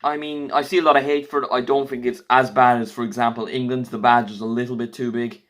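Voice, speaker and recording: A man giving blunt, jokey, quick verdicts in a casual vlog, reviewing football kits. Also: mid-range voice, little pitch movement, a bit bright. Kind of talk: casual opinionated vlog commentary.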